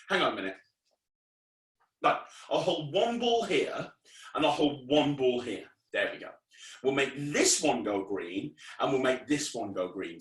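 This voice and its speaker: A man performing a children's magic show, talking playfully to the kids and acting mock-frustrated when his tricks go wrong. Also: a little high. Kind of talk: kids' magic show patter. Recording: echoey room, distant mic.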